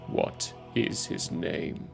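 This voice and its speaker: A man voicing a menacing adventurer who questions a captive in slow, clipped, threatening words. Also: faint music behind. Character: cold, menacing male adventurer interrogating a captive.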